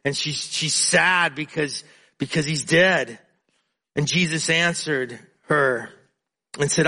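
Slow, forceful male preacher. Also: a little high. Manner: earnest, emphatic, repeats words while building points. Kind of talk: sermon.

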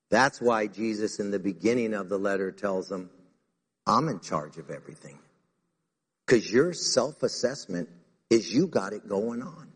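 A man preaching a sermon to a church congregation in an animated way, acting out the words he quotes. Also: fairly low pitch, normal speed, breathy edge. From United States. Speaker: pastor. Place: church sanctuary. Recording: reverberant hall.

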